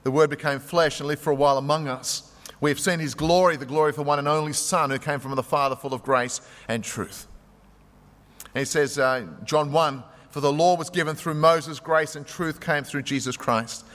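A man's voice: a little high, moderate pace, fairly bright tone, in a large hall. A man preaching a sermon as pastor, talking in a conversational way and retelling stories through quotes.

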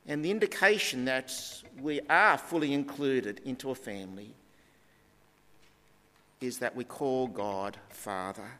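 A man preaching a sermon in a measured teaching tone with deliberate emphasis. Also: mid-range voice, bright, forceful tone. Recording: long reverb of a large hall.

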